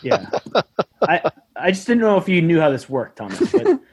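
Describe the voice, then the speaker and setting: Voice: medium pitch, normal speed, breathy edge. A podcast co-host telling jokey stories in casual chat. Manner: animated storyteller, jokey.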